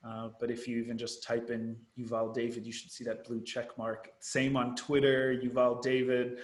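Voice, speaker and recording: An eager man speaks at a middle pitch as an interview guest, often restarting and repeating his words. His voice carries a noticeable roomy echo. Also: completely flat delivery, moderate pace. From United States. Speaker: actor guest. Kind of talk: interview chat.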